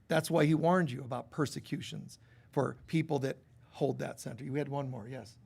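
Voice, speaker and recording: A man giving a lively spiritual sermon at a church service, often acting out quoted voices. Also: mid-range voice, normal speed, creaky, husky. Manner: animated, acts out quoted voices. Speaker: spiritual teacher. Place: church hall.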